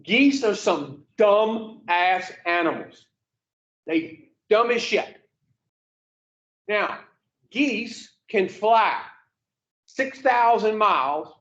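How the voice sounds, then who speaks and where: A man with a rather high voice gives a blunt, swear-laden talk to a recovery group and keeps throwing questions back at the listeners. The recording is dull and lo-fi. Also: a bit bright. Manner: profane, plain-spoken, fires rhetorical questions at the room. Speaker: addiction recovery group speaker.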